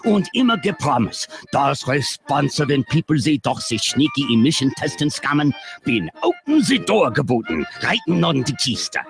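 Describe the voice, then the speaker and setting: Bumbling mock German exec, a radio host doing the voice, raspy, bouncy pitch, music bed. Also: male voice, huge pitch swings, moderate pace, heavily acted. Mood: mock solemn. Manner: mock German gibberish mixed with English, silly. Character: mock German car company chief, bumbling apology.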